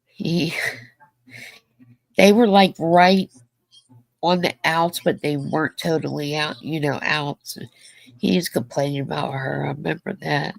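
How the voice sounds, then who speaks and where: Woman, congested, gravelly vocal fry, dry close sound, playful livestream chat. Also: deep voice, measured pace, long pauses, dry recording. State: stuffed up, congested.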